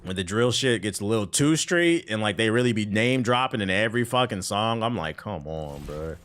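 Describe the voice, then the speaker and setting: A man's voice: on the low side, a little fast, fairly bright tone. A man streaming a game, chatting casually with his chat in loose, profane slang. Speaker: gaming streamer. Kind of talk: casual live-stream commentary while playing.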